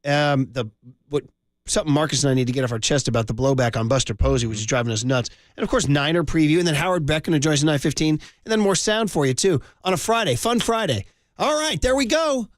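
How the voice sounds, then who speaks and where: A man hosts sports talk radio in a lively, chatty manner. His voice sits high, and the studio sound is close and dry. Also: fast, dry recording. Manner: animated, chatty. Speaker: radio host.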